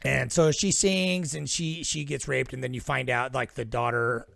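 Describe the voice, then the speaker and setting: Man, podcast host, gravelly voice, rambling profane film recap, mid pitch, dry close sound. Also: fairly even intonation, normal speed, fairly bright tone, dry recording. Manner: rambling, profane plot retelling. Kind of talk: casual film-recap chat.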